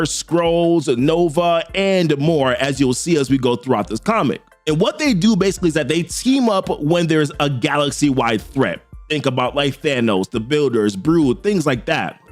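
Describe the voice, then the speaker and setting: A man narrates a comic story as a casual host, slangy and excited, with a fairly high, very lively pitch. His voice sounds dry and close, with faint music playing behind. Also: no echo. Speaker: comic book recap host.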